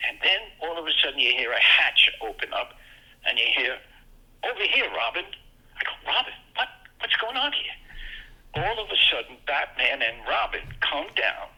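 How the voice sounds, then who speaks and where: An older man from Brooklyn, telling childhood stories as a guest in casual chat. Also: poor audio. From Brooklyn, New York. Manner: animated, jumps into excited high voices for quoted moments. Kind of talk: casual storytelling.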